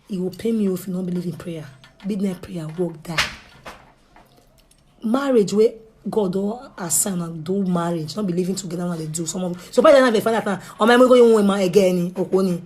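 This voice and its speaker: A woman's voice: on the low side, husky. Nigerian Pidgin-speaking woman vlogger. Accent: Nigerian Pidgin English. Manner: chatty, pleading, swings from hushed to loud. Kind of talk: casual direct-to-camera talk.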